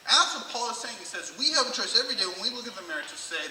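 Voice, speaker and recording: A man preaching a sermon as pastor, telling stories and acting out the people in them with shouts and funny asides. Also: sits high, very fast, hardly any pauses, far from the mic. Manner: animated storyteller, shouts and acts out quotes. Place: church sanctuary. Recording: echoey church hall, preacher off-mic, faint room noise.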